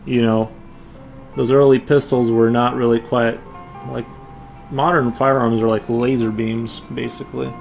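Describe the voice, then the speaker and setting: A man's voice: mid-range voice, flat delivery, unhurried, vocal fry, darkish tone, soft background music. A man chatting casually with his viewers while drawing on a livestream, rambling with frequent restarts. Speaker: livestream artist.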